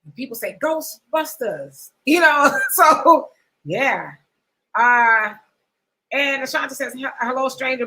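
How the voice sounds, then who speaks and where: A woman's voice: fairly high pitch, bright, forceful tone, low-quality recording. A middle-aged woman hosting a casual live chat show, reading viewer comments aloud and laughing often. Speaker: host.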